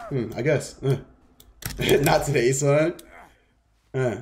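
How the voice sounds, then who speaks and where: A man's voice: medium pitch, slow pace, a little mellow, slight background noise. A man streaming a game live, casually explaining strategy while teasing the players on screen and swearing freely. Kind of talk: live gameplay commentary.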